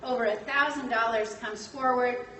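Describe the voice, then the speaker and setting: A woman's voice: on the high side, moderate pace. Woman storyteller in an echoey room. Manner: lively retelling, acting out quotes, frequent fillers. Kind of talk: storytelling history talk. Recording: echoey room, distant mic, faint noise.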